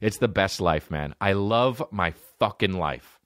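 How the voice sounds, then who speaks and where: A man's voice: deep voice, animated, a little slow, fairly bright tone, no echo, studio quality. Profane, exasperated male comedian ranting. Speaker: comedian podcast host. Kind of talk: casual comedic rant.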